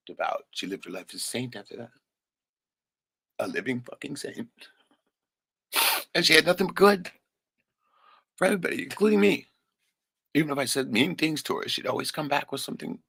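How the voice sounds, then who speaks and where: A man's voice: medium pitch, very animated, normal speed, gravelly, pauses often, a bit bright, breathy edge, no room sound. A man hosting a livestream, speaking an emotional, unscripted monologue in a raw, profane way, often tagging sentences with "right?". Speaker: livestream host.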